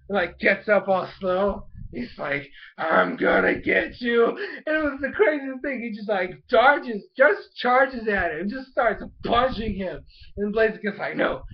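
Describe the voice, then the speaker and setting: Young guy w a high voice, super hyped recapping an episode, muffled lo-fi sound. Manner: hyped, gushing, acts out quotes in bursts. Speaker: anime review vlogger.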